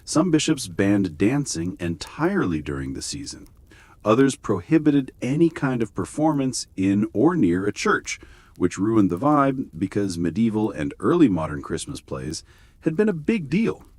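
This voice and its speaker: Low-voiced man with wry bedtime narration. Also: very animated, normal speed, dry recording. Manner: wry, gently sarcastic humor. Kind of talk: scripted bedtime history narration.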